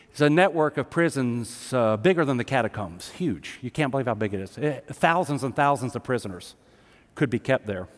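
A man preaching a sermon to a congregation, talking in an emphatic, conversational way. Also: medium pitch. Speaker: pastor. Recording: long hall reverb, live sermon.

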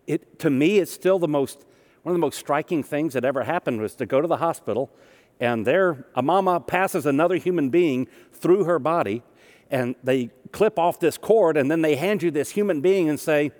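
Male minister, fairly high voice, relaxed storytelling sermon, reverberant hall. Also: normal speed. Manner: storytelling, conversational with humor.

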